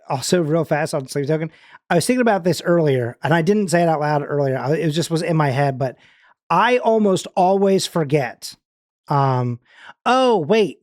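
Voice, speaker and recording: A man's voice: on the high side, a little mellow, dry recording, clean studio sound. A man hosting a livestream in casual, rambling chat, full of fillers and restarts. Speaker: livestream host.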